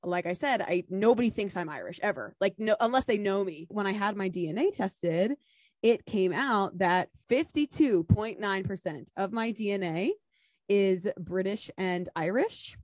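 An American woman co-hosting a podcast in casual chat, telling stories in a chatty, animated way. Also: medium pitch, normal speed, dry recording. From United States. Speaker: podcast co-host.

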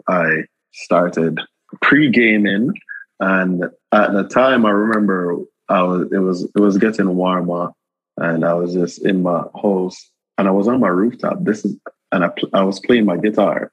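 A young Jamaican man chatting as an interview guest, telling stories in a laid-back, animated way. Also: deep voice, normal speed, slightly rough, dry recording, dull audio. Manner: laid-back, animated storytelling with frequent asides. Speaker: guest creative. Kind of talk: casual conversational interview.

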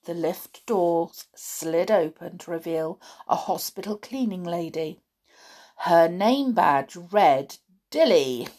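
Expressive woman reading a children's story. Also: fairly low pitch, takes it slowly. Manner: expressive, dramatic. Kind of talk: reading a children's book aloud.

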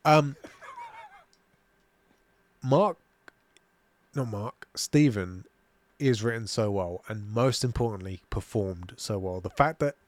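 A man's voice: lowish voice, a little slow, no echo. A man co-hosting a casual show review chat, talking loosely and laughing while he reads out listener comments. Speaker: podcast co-host.

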